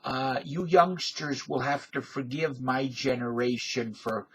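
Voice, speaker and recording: A man in his fifties talks to camera in an unhurried, meandering monologue, full of folksy asides and filler words. His voice has a husky grain and an easy, slow pace. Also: medium pitch, low-quality recording. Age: 50s. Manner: folksy, digressive, filler-heavy. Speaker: video blogger. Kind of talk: rambling casual monologue.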